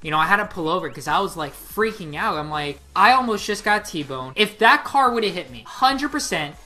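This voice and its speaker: A young woman in her late teens telling a story on her vlog, excitable and rambling, with lots of "like" fillers. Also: fairly low pitch, fairly quick. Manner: excitable, rambling, heavy use of 'like'. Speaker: vlogger. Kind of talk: casual storytelling.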